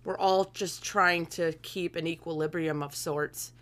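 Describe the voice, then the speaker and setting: Her voice sits on the low side, steady and a little slow, with a slight brightness. As a podcast co-host, she chats easily and reads listener mail aloud, clearly enthusiastic and laughing a lot.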